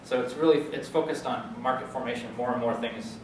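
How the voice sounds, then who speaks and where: A man giving an academic lecture as a guest speaker, halting with many fillers and restarts. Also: mid-range voice, fairly even intonation. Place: lecture hall. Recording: echoey hall, distant mic, noisy.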